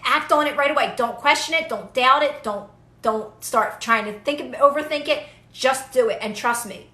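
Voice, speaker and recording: A woman's voice: sits high, normal speed, pushed and bright, echoey room. A young woman giving casual, earnest manifestation advice to viewers on a live stream, repeating phrases for emphasis.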